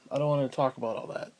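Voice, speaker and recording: A man's voice: mid-range voice, darkish tone. A man venting at home in a casual vlog, profane and sighing as he rants. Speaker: vlogger.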